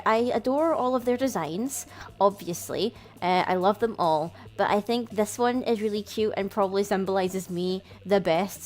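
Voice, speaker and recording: A woman's voice: mid-range voice, darkish tone. A young woman hosting a casual let's play, chatty and upbeat with lots of little fillers. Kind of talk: casual gameplay commentary.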